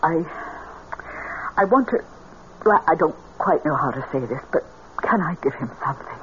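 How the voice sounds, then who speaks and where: A woman's voice: low-pitched, animated, normal speed, muffled recording. An actress playing a grieving, gullible mother who speaks in a tremulous, breathless, pleading way, in 1940s radio acting style, on a hissy old radio recording. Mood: meek.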